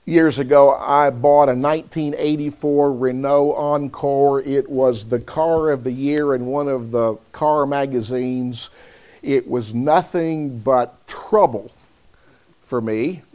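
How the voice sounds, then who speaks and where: A man preaching a sermon, speaking deliberately and calling on listeners by name. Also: mid-range voice, fairly even intonation, a little mellow.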